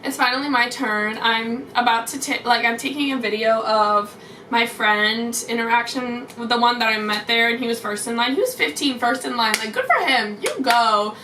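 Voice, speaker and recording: Young woman vlogger, storytime, high voice, mic set back in an echoey room. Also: normal speed, pushed and bright, a little hiss or hum. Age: young adult. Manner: gushing, rambling with many "like"s. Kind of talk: casual storytime. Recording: roomy echo from far off.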